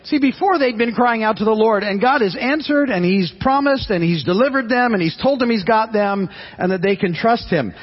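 A man's voice: sits high, moderate pace, breathy edge, in a large hall, muffled recording. A man preaching a conversational sermon, reading scripture and asking the congregation questions, often repeating his phrases. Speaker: pastor.

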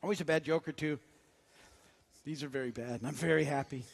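A man's voice: fairly high pitch, brisk, vocal fry, slight background noise. A man preaching a sermon as pastor, conversational and cracking jokes between scripture readings. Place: church sanctuary. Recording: long church hall reverb.

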